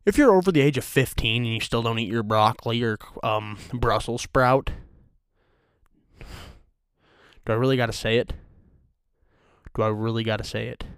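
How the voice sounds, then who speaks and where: A young man hosting a comedic rant, crude and profane in a deadpan way. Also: medium pitch, moderate pace, pauses often, clean tone, no echo, clean studio sound. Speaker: host of a rant show.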